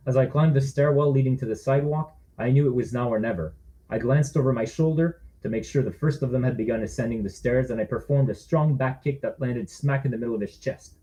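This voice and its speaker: A man's voice: mid-range voice, fairly quick, mellow, low-quality recording. A man, the author, reading his own thriller aloud in a wry, conversational first-person narration.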